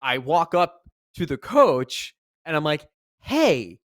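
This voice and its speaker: A man co-hosting a casual podcast, telling a story with animation, rising loud when exasperated and swearing freely. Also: mid-range voice, animated, fairly quick, dry recording, studio quality. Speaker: podcast co-host, esports commentator.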